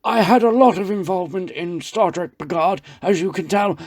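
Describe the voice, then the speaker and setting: A man's voice: high voice, normal speed, darkish tone. A man giving a sarcastic, ranting comedic recap of a TV episode. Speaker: reviewer.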